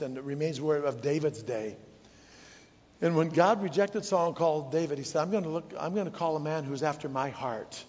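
A man in his pastoral role delivers a sermon in a fairly high voice. He leans on rhetorical questions and sinks to a hushed tone for emphasis. The recording is dull and lo-fi, with long reverb from a church hall. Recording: dull, echoey hall sound.

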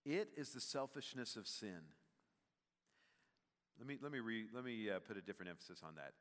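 A man's voice: lowish voice, lively intonation, fairly quick, pauses often, fairly bright tone. A man preaching a sermon as pastor, conversational with many fillers, building to emphatic peaks. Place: church sanctuary. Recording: long hall reverb, church sanctuary.

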